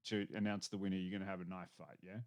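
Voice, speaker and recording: A man's voice: sits low, level tone, rapid-fire, darkish tone. A man co-hosting a podcast, joking and teasing his co-hosts in casual chat. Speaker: podcast co-host.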